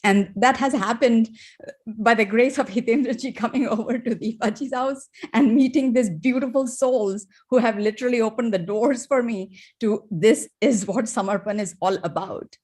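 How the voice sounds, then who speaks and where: Woman, fairly high voice, emotional testimony given through tears, heartfelt storytelling. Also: moderate pace. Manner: emotional, tearful, warm storytelling. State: close to tears. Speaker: participant sharing testimony. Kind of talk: personal spiritual testimony.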